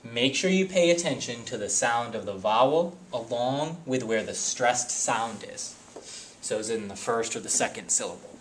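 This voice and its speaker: A man's voice: mid-range voice, animated, normal speed, a little hiss or hum. Man teaching a spelling lesson. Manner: careful, explanatory, reads word lists one by one.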